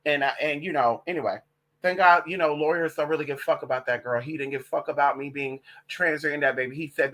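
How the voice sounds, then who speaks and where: A woman's voice: sits low, quick pace. A transgender woman vlogging in a casual monologue, sassy and profane, calling listeners honey and girl as she tells stories. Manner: animated gossipy storytelling. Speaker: vlogger and witch.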